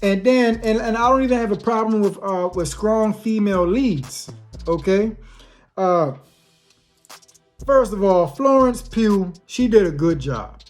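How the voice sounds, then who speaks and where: A man's voice: high voice, measured pace, faint music behind. A man giving a casual, opinionated movie review in a slangy, conversational way, full of rhetorical asides.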